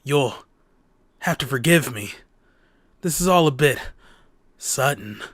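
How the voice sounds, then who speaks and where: A man voicing a flustered, nervous male lab chief who stammers and hesitates, in a voice lower than his own. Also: animated, slow, a bit bright, no echo, studio quality. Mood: nervous hesitant.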